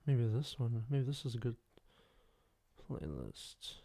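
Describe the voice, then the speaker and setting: A man's voice: mid-range voice, sing-song, slow pace, gravelly, dark tone. Rambling man hosting a live stream. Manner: rambling, reacts to live chat, stammers and repeats. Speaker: livestream host. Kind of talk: casual live-stream chat.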